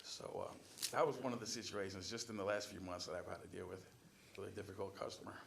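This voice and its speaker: A man's voice: low-pitched, fast, gravelly. A man applying for a council seat, answering interview questions in a council chamber with chatty, rambling storytelling. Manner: chatty storytelling, restarts and fillers. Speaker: city council applicant.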